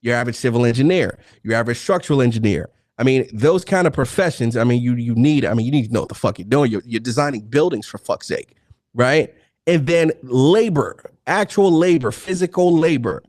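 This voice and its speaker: A man's voice: medium pitch, expressive, fairly quick, darkish tone, dry recording, clean studio sound. A man hosting a live debate stream, talking bluntly and profanely and pushing through interruptions. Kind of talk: heated casual debate.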